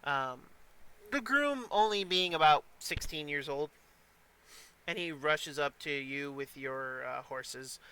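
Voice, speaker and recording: Bright-voiced man running a tabletop game. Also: on the high side, slow, smooth, rough recording. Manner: relaxed narration with many fillers. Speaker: dungeon master.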